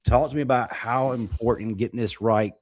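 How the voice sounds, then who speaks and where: A man's voice: mid-range voice, fairly even intonation, a little fast, no echo. A man hosting a live sports talk show, upbeat and emphatic as he reads sponsor plugs and steers the panel. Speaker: show host.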